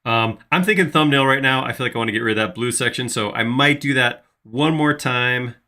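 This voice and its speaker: A man's voice: mid-range voice, fairly quick, bright, forceful tone. A man hosting a live 3D modeling tutorial, casually thinking aloud as he works. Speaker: host modeling in 3D software.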